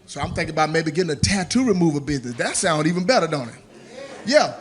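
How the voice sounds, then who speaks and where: A man's voice: a little high, animated, fast talker. A man doing a stand-up comedy set on stage, loose and playful, slipping into character voices. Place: comedy stage before a live audience.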